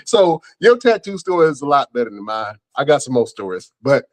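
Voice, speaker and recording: A middle-aged man with a drawl tells a story in relaxed podcast chat. His voice leaps in pitch as he laughs through the funny parts and drops low for the serious ones. He peppers it with slangy asides. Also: fairly quick. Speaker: podcast host.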